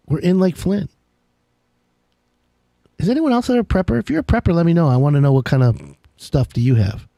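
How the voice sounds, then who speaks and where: A man hosting a live home-improvement show, talking in a rambling, jokey, excitable way. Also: sits high, no echo. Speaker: radio show host. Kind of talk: casual live call-in show chat.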